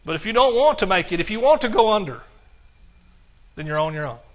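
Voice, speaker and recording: A male pastor preaching an exuberant sermon, shouting praise and reading scripture slowly and emphatically. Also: high-pitched, lively intonation.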